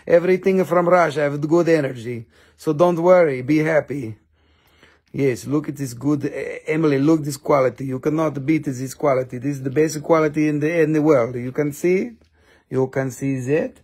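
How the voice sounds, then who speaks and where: A man's voice: a little high, normal speed, darkish tone, lightly acted. A man voicing a pushy gem salesman who speaks in comic broken English and sells hard. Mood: hamming pushy.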